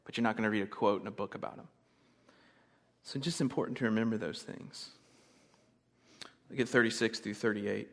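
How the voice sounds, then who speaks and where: A man preaching a sermon as pastor, conversational, swinging between loud emphasis and soft, quiet asides. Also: lowish voice, fairly quick, long pauses.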